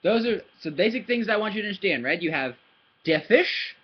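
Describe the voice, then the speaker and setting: Husky guy teaching a kid german words, animated, keeps asking right?, kinda muffled audio. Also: high voice. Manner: patient, encouraging, explains slowly with many "right?" checks. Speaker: language tutor. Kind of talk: casual video lesson for a child. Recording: dull lo-fi recording.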